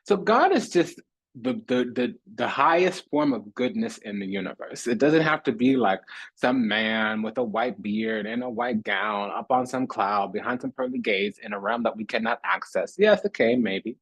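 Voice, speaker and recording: A man's voice: medium pitch, big pitch swings, normal speed, gravelly, a bit bright, husky, no echo, rough recording. A man giving a spiritual tarot reading monologue, preaching in repetitive, rhythmic lists. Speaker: tarot reader.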